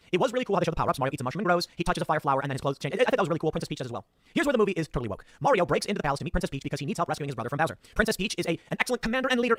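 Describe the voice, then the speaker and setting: A male commentator who rattles off his points at great speed, his voice swinging high and low. He reads a movie review aloud and picks it apart with sarcastic asides. The recording is dry and close. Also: dry recording. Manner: rapid, lively delivery with sarcastic asides. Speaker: political commentator.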